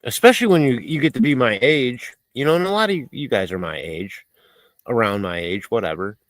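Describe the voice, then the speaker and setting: A man hosts a casual livestream, his pitch swinging up and down as he talks. He rambles, mocks himself and chuckles often. His voice is close and dry, with no room sound. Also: animated, brisk, dry recording. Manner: rambling and self-mocking, with frequent laughs and fillers. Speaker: livestream host. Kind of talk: casual chat, reading out viewer comments.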